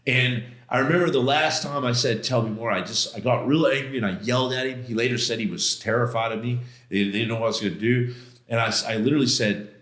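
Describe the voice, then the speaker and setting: A fast-talking podcast guest with a medium-pitched, slightly bright voice recounts something from his own life, slangy and emphatic, reenacting outbursts he once had. There's a roomy echo on the recording.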